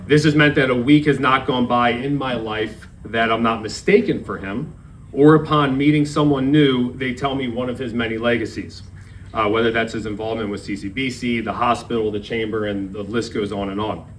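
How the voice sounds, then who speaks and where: Speaking at a moderate pace with a medium, fairly even voice, a man in his thirties from Maryland honors his grandfather at a memorial service. He tells a story and acts out the quoted dialogue, heard on a low-quality recording with a little hiss or hum.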